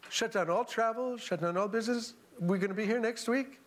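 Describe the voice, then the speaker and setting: A man's voice: sits high, brisk. A male pastor giving a conversational sermon, telling stories with chuckling asides. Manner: animated storytelling, chuckling asides.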